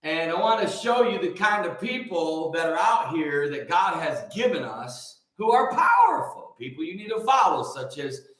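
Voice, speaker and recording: An American man hosting a morning livestream, hyped and shouting out viewers by name with rhyming catchphrases. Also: on the high side, very animated, moderate pace, few pauses, heavy reverb, poor audio. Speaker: livestream host. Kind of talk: upbeat live-stream greeting viewers.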